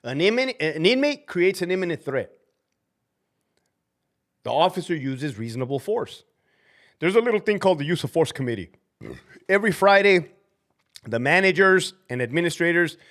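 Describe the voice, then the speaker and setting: A man's voice: fairly high pitch, moderate pace, long pauses. A man who used to be a prison officer, hosting a casual live stream and talking bluntly and profanely about use of force. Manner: profane, blunt, animated storytelling. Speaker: livestream host, former prison officer. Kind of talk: casual livestream chat.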